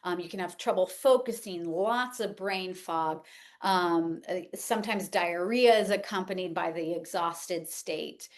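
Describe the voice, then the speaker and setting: A middle-aged woman who teaches homeopathy gives an informal, conversational lecture, her fairly low voice moving a little slowly. Her speech is packed with fillers and frequent "like"s.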